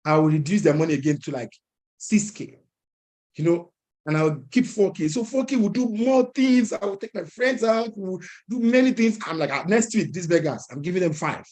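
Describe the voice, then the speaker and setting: A young man speaking at an entrepreneurs' event, telling a personal story in a lively way, chuckling and acting out other people's lines. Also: sits high. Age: young adult.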